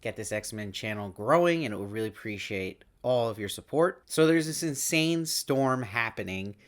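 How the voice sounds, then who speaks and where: A man hosting a show, giving an enthusiastic, casual recap of an animated episode and retelling characters' lines in quick paraphrase. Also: fairly low pitch. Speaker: show host reviewing episodes.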